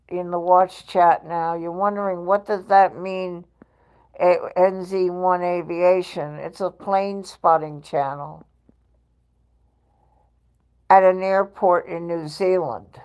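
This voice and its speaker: A woman's voice: fairly low pitch, steady tone, slow, clear, resonant tone. A woman hosting a casual home livestream, chatty and laughing often as she reads her chat aloud. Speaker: livestream host. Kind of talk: casual live-stream chat.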